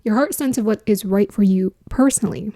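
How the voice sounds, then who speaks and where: A woman astrologer talks through the coming year in a loose, musing way. Her voice is warm and mellow, and she laughs often. Now and then she drops into a whisper to stress a point. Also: mid-range voice, brisk. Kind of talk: casual spiritual talk to camera.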